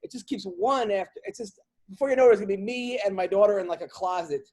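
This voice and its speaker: This podcast host is a comedian chatting casually and venting, animated and rambling for laughs with lots of restarts. He has a high voice and talks fast.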